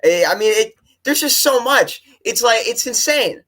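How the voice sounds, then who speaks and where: A man's voice: very high-pitched, lively intonation, normal speed, pushed and bright. A young man co-hosting a casual movie chat, rambling with breathless enthusiasm and frequent restarts. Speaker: co-host.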